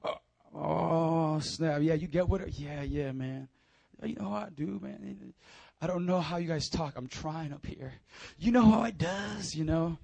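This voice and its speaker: A man's voice: fairly high pitch, a little slow, gravelly, darkish tone, no room sound, pitched below the performer's own voice. A preacher putting on a swaggering slangy teen boy. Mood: cocky. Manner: slangy, laid-back street talk. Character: swaggering slangy teenage boy, high schooler.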